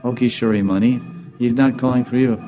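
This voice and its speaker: A man's voice: mid-range voice, steady tone, fairly quick, music in the background, natural voice. A man telling a devotional story and voicing a loyal female companion who gives a matter-of-fact report. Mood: earnest.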